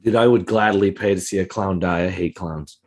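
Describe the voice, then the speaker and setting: A man's voice: moderate pace, a little mellow, slightly rough. A man co-hosting a comedy podcast, ranting casually with lots of swearing and mocking put-on voices. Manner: profane, ranting, jumps into high mocking voices. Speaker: podcast co-host.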